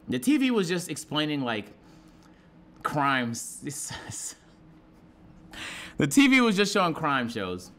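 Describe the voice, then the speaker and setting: A young man streaming live, telling a story to his chat in a profane, excitable way and acting out shouted quotes. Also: medium pitch.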